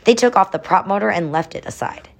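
A woman's voice: mid-range voice, fast, vocal fry. A woman narrating a children's adventure story, adding chatty explanatory asides.

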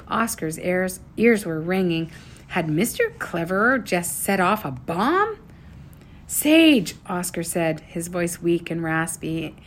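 Woman narrator, audiobook reading, expressive, faint background hiss. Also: on the low side.

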